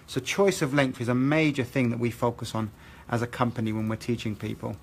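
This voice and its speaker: British male hair educator, middle pitch, methodical live cutting demo, faint background noise. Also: steady tone, brisk. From England. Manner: explains steps methodically, asks okay?. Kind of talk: live haircut demonstration.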